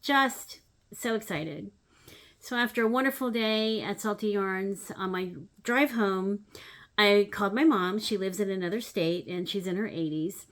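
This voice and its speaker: A woman in her fifties talks straight to her viewers in a relaxed vlog. She tells a story in a chatty, animated way, with plenty of "um"s. Her voice jumps up for the exciting parts and settles back down into soft asides. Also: mid-range voice, unhurried. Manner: animated storyteller, swings between loud acted-out moments and soft asides; chatty with frequent "um" fillers. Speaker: needlework channel host.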